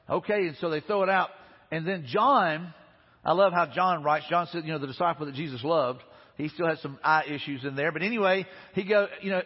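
A man's voice: high voice, slightly rough. A man pastor preaching a sermon, retelling scripture in a conversational way with frequent restarts. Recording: reverberant hall, dull lo-fi sound.

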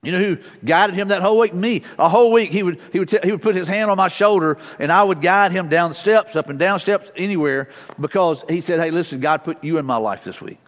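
A man's voice: high voice, fairly quick, few pauses. A middle-aged man preaching a casual, storytelling sermon as pastor, with frequent fillers and restarts. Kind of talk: conversational sermon. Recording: long reverb of a large hall.

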